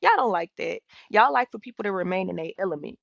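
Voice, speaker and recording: On her livestream, an influencer from Houston, Texas, vents at her viewers in a fast, animated, gravelly voice of medium pitch, swearing freely. The audio is lo-fi and dry.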